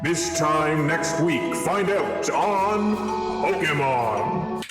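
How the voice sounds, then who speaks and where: A man putting on a slow, echoing cartoon announcer. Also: fairly high pitch, expressive. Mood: dramatic. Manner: slow dramatic announcer delivery. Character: booming male TV cartoon episode announcer. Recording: echoey reverb with loud music.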